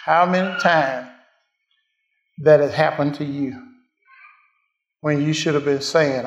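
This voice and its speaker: A high-pitched man preaching at an unhurried pace in a roomy, echoing church. He drops to near-whispered murmurs, then climbs to shouted, almost sung cries. Between phrases he laughs softly and calls out to his listeners. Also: fairly even intonation. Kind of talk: sermon.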